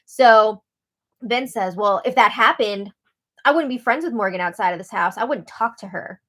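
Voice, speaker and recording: A woman hosting a casual recap show, chatty and opinionated, relaying quotes with animated reactions. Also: mid-range voice, moderate pace.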